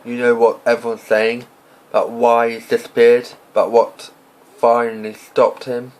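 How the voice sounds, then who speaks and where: A man voicing a stern, impatient older woman professor in an amateur audiobook reading, speaking in a brisk, clipped and exasperated way. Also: medium pitch, completely flat delivery, darkish tone, natural voice, rough recording.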